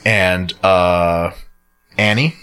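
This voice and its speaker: Podcast host, male, low-ish bright voice, laid-back and profane. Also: steady tone, very slow, clean tone. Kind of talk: casual chat.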